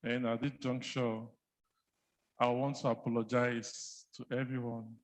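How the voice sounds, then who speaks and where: Slow, earnest Nigerian man giving a speech. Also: mid-range voice, level tone, poor audio. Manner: earnest, measured, heartfelt. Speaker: health commissioner giving a speech. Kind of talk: emotional public speech. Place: conference hall.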